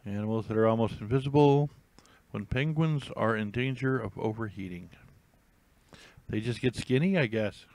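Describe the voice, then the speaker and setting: A man's voice: lowish voice, moderate pace, a little mellow. A man hosting a casual live stream, reading headlines aloud with rambling, jokey, self-mocking asides.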